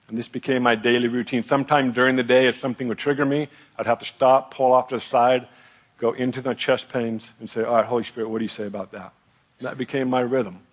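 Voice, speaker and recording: A middle-aged man, a pastor, telling a personal story in a sermon with a candid, self-deprecating, animated manner. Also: medium pitch.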